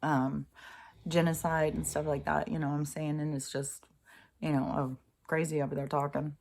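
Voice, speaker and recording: A woman's voice: sits low, flat delivery, moderate pace, vocal fry, darkish tone. A middle-aged woman vents in an unscripted vlog rant. She rambles, sighs and swears as she works herself up, with nervous little laughs between thoughts. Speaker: vlogger.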